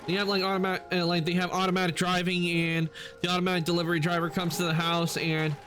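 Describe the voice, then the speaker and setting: A man's voice: sits high, completely flat delivery, fast, fairly bright tone, slight background noise. A man streaming a game, chatting casually and rambling with lots of filler words. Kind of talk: casual gameplay chat.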